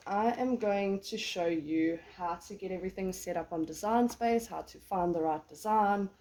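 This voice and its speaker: Woman, thirties, hoarse from a cold, lowish voice, chatty and self-mocking, casual craft tutorial at home. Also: warm tone. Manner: chatty, self-deprecating, laughs often. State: hoarse from illness. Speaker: crafting vlogger.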